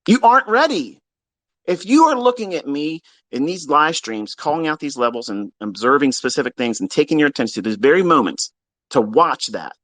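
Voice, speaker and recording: This is a man in the middle of a profane, exasperated rant, scolding his trading students as he lectures them. His voice sits a little high and leaps all over the place. The recording is close and dry. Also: a bit bright, no room sound. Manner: mocks listeners in put-on quotes. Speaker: trading educator. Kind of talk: ranting livestream lecture.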